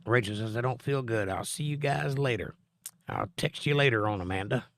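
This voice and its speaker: Chatty and joking, this middle-aged live stream host reads out viewer comments and responds straight to the chat. He speaks a little fast, in a medium-pitched voice with a fairly bright tone.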